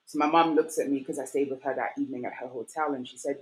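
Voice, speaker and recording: A young woman with a low-pitched voice recounts her own story in a relaxed interview. She talks in an animated way, slipping into the voices of the people she quotes and leaning on casual fillers as she goes. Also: quick pace, rough recording. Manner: animated, acts out quoted voices, many fillers like "like" and "you know". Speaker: guest. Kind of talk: personal storytelling in conversation.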